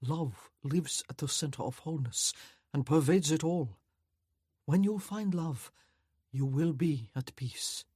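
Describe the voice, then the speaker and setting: A woman voicing a serene, cryptic elderly Chinese master, speaking slowly and peacefully with a Chinese accent. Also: on the high side, darkish tone, husky, dry recording, clean studio sound. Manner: slow, peaceful, unhurried.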